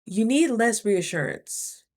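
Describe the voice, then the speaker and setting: A young woman vlogging casually, chatty and animated, acting out her own thoughts in quick asides. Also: medium pitch. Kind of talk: casual talking-to-camera vlog.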